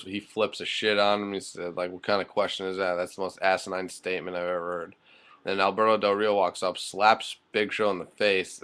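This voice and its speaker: A man's voice: low voice, fairly bright tone. A man giving a casual, rambling spoken recap of a wrestling show, full of fillers and offhand, blunt remarks.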